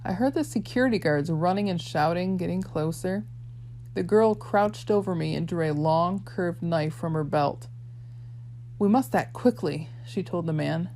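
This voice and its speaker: A woman narrating a novel aloud in a measured storytelling way. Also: lowish voice, a little mellow, a little hiss or hum. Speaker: audiobook reader. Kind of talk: scripted audiobook narration.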